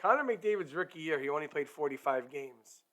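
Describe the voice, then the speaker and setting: Chatty guy running a hockey stream, upbeat, kinda higher voice, talks right at the chat. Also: expressive, fairly quick, bright, forceful tone. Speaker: streamer hosting a hockey talk show. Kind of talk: casual live-stream chat.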